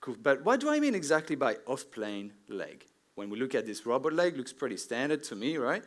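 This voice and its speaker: A man's voice: medium pitch, big pitch swings, fairly quick. 30s man, French accent, friendly tech conference speaker, keeps checking in with the room. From France. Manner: friendly, lots of "right?" and "um" asides. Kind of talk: technical conference talk. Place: conference stage before an audience.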